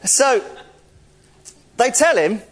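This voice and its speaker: Lively, high-voiced preacher. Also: male voice, extremely slow. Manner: jokey, laughs often, animated storytelling. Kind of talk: playful interactive sermon, directing volunteers. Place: church service.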